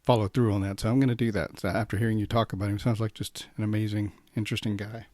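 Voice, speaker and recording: A man hosting a podcast in relaxed, casual chat, often restarting his sentences. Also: lowish voice, fast, no echo, studio quality. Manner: relaxed, conversational, many restarts. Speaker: podcast host.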